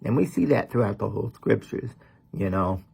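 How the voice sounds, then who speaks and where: A man's voice: on the low side, animated, normal speed, vocal fry, darkish tone, breathy edge. A middle-aged man preaching a sermon as a pastor, talking in a folksy, conversational way with lots of "man" and "you know.".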